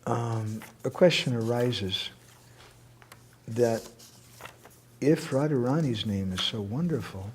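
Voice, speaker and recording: A man giving a spiritual lecture and answering questions, animated and joking, reciting verses. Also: medium pitch, takes it slowly, pauses often, slight background noise. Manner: animated, quotes verses, jokes and laughs. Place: temple hall.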